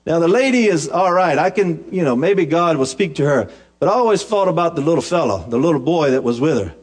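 A man's voice: a little high, lively intonation, a little fast. A man preaching a sermon in a folksy storytelling way, with humorous asides and repeated, restarted phrases.

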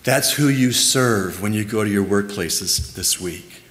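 A male pastor preaching a sermon in a church, with a slow, repetitive cadence that ends in prayer. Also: fairly low pitch, a bit bright. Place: church sanctuary. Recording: reverberant church hall.

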